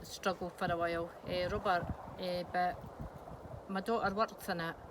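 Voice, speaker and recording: A woman's voice: fairly low pitch, little pitch movement, normal speed. A middle-aged woman with a Scottish accent, speaking frankly and hesitantly in an interview, with many ums and restarts. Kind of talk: candid personal interview. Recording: noisy background hiss.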